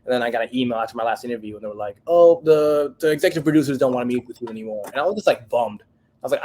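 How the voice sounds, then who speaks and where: Speaking very fast at a medium pitch, this thirty-something man is a chef on a podcast. He spins a casual, animated story, voicing each person he quotes.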